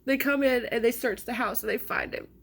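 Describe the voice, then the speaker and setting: A woman with a slightly high, creaky voice talks briskly to camera, recounting her own story as a mother. Her tone is indignant, frustrated and emphatic.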